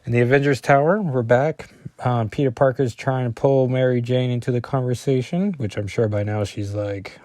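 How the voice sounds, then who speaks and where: A man's voice: medium pitch, steady tone, moderate pace, darkish tone, no echo. Guy rambling thru a comic book, chatty asides, pokes fun at himself, dry close mic. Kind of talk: casual comic read-through.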